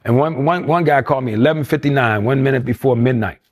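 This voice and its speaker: Speaking fast in a mid-range voice, a male interview guest recounts tales from when he was young, performing the voices of everyone he quotes.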